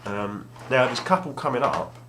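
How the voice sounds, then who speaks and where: Speaking at normal speed with lively intonation and a medium pitch, this young gaming vlogger rambles through a self-deprecating story at a table in his home room. He keeps it casual and restarts often, over a noisy background.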